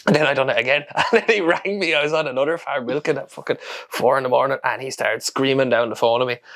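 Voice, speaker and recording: A man's voice: mid-range voice, fast talker, fairly bright tone. A young Irish man co-hosting a podcast, telling casual, profane anecdotes and laughing often. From Ireland. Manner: swearing anecdotal storyteller, laughs a lot. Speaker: podcast co-host. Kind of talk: casual chat.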